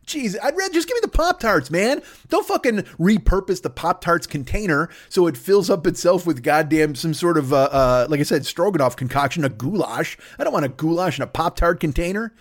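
A man's voice: fairly high pitch, animated, fairly quick, few pauses. A man hosting a solo comedy podcast from his desk at home, rambling, swearing constantly and running himself down. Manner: profane, rambling, self-deprecating. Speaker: podcast host.

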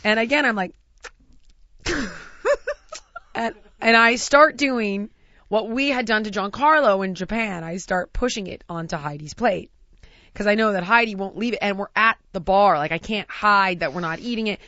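An American woman telling a lively, laughing anecdote in casual chat. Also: medium pitch, moderate pace, dry recording, muffled recording. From United States.

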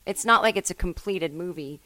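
A woman hosting a solo comedy podcast from home, rambling and self-mocking, with sudden loud bursts. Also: fairly low pitch, a little fast, dry recording, rough recording. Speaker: podcast host.

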